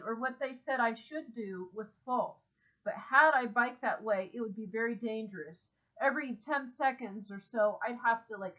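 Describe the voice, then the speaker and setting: A woman talks straight to the camera in a casual vlog, calm and matter-of-fact, stopping often to hunt for words. Her voice sits a bit high. The recording is dull and lo-fi. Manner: calm, matter-of-fact storytelling with frequent "um" pauses. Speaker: vlogger. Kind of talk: casual first-person vlog monologue. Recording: dull lo-fi sound.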